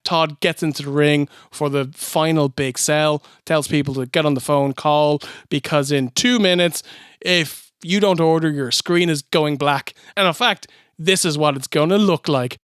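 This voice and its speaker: A man co-hosting a comedic wrestling review, telling the story with animated, mocking energy. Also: fairly high pitch, measured pace, clear, resonant tone, no echo, clean studio sound. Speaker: podcast co-host.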